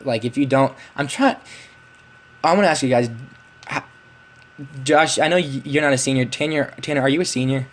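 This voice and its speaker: A man's voice: medium pitch, moderate pace, pauses often. A teenage man hosting a casual podcast, rambling with lots of restarts and fillers. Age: teens. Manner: rambling, many restarts and "like"s, laughs easily. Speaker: podcast host. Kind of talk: casual chat.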